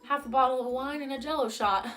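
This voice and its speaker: A woman's voice: sits high, fairly even intonation, a little fast, fairly bright tone, soft background music. A woman in her twenties telling a personal story in a casual vlog, chatty and a little tipsy, often saying "like" and acting out what others said. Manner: chatty, lots of "like", acts out quotes. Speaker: vlogger.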